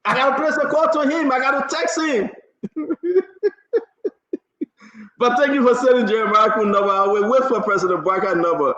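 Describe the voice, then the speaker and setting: A man with a Liberian English accent hosting a live radio talk show, animated and joking, laughing often and pleading with listeners. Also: very high voice, normal speed, pauses often. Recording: echoey room, dull lo-fi sound.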